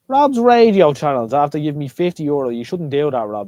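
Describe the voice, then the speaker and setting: A man's voice: a little high, big pitch swings, brisk, mellow, dry recording. A middle-aged Irish man hosting a live stream and chatting casually, rambling and repeating himself as he goes. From Ireland.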